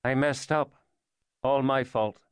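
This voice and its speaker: A man's voice: medium pitch, steady tone, takes it slowly, clear, resonant tone, dry recording, close to an everyday voice. A man voicing an anxious driver with a Cockney accent and a slight whine in his voice. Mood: weak. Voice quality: slightly whiny. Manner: anxious, apologetic.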